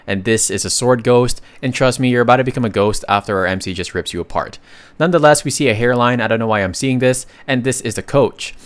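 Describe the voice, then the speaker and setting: A man narrating a comic story recap in a casual, chatty way, reading the characters' lines aloud and adding slangy asides. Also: medium pitch.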